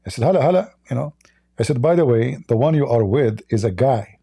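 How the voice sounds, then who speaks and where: A man tells long, rambling stories in a casual livestream chat. His voice is dark and mellow, and he sits at a middling pitch. He talks loosely, full of fillers and restarts. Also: animated, brisk, husky. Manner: rambling anecdotes with frequent fillers and laughter. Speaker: livestream host.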